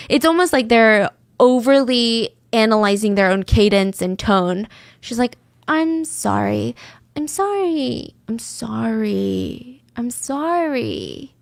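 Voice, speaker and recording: A woman's voice: a little high, no echo, clean studio sound. A woman hosting a podcast, telling a true-crime story in a casual, chatty way and dropping into whispers for suspense. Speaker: podcast host.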